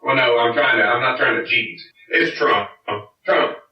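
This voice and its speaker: A man's voice: mid-range voice, normal speed, roomy sound. A man guest-hosting a casual podcast, joking and playful. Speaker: guest host. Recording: muffled distant mic, crowd chatter behind.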